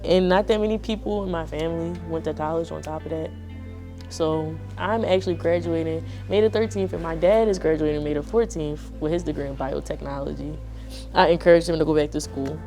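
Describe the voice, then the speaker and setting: Earnest young woman, low mellow voice. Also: a little fast, soft background music. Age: early 20s. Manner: earnest, heartfelt, conversational with many "like"s. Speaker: graduating college student speaker. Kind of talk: personal testimonial talk.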